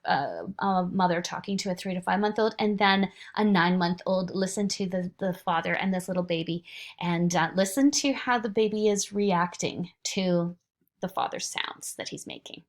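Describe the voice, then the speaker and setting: A woman instructor talks through a recorded lecture in a chatty, unscripted way. Her voice sits at a middle pitch, and she slips easily into playful sing-song examples.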